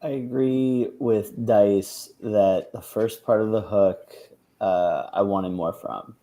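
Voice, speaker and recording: A man with a gravelly, dark voice gives his take on a track in a casual chat. He speaks easily, with plenty of fillers. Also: fairly low pitch, takes it slowly. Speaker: music reviewer.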